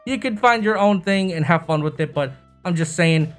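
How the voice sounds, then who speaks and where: Brief: casual young male tutorial host, profane and self-mocking, bassy desk mic, faint music underneath. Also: normal speed. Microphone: desk microphone with bass-boosting EQ.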